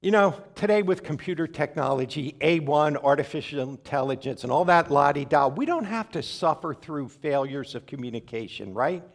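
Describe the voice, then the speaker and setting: A man's voice: a little high, expressive, moderate pace, hardly any pauses. A man preaching a sermon, telling a funny travel story with wry, conversational asides. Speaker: pastor.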